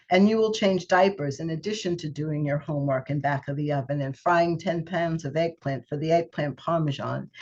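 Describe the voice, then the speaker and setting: A woman poet reading her poems aloud on a video call, in a measured, unhurried way. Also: low-pitched, a little mellow. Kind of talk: poetry reading. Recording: muffled video call audio.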